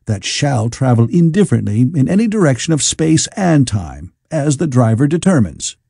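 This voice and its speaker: A man reads as a calm, inventive Victorian gentleman scientist. He explains his ideas patiently in a lively, varied voice that stays mellow and slightly husky. The sound is dry and close. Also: medium pitch, moderate pace, no room sound, exaggerated voice.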